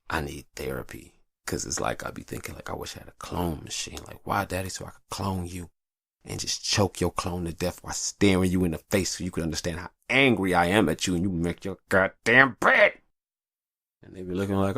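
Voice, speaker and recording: Deep gravelly man, animated monologue. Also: brisk, no room sound, clean studio sound. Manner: profane, rambling and confessional. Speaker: podcast host. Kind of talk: casual monologue. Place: hot upstairs room.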